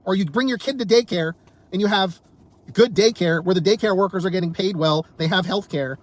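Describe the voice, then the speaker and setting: A man's voice: sits high, a little fast. A man delivering an angry, exasperated political rant to camera, swearing often and tripping over repeated words as he gets worked up. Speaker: political commentator.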